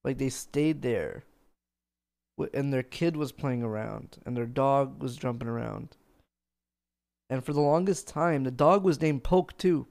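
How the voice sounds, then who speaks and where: A male streamer telling a profane, animated story in casual chat. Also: medium pitch, unhurried, vocal fry.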